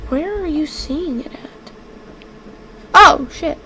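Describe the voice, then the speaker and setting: A woman's voice: high voice, takes it slowly, very noisy. A woman running a tabletop game as game master, chatting casually and rambling.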